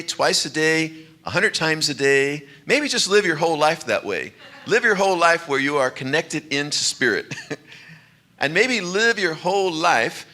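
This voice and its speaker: Male minister, bright and forceful voice, easygoing sermon delivery with frequent light laughs. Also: a little high. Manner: conversational and light, laughing often. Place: church sanctuary.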